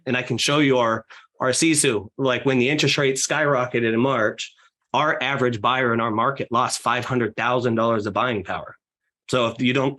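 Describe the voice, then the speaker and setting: A man talks on a podcast at an even middle pitch and a brisk pace. He is energetic and keeps acting out lines from his talks with clients. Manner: fast, energetic, acts out client dialogue. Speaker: real estate team leader guest. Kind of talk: podcast interview talk.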